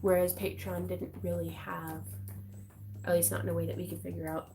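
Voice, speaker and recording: A woman's voice: lowish voice, level tone, a little fast, vocal fry, dark tone. A woman hosting a craft livestream from home, chatting casually with bubbly energy, laughing often and using plenty of fillers. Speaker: craft channel host.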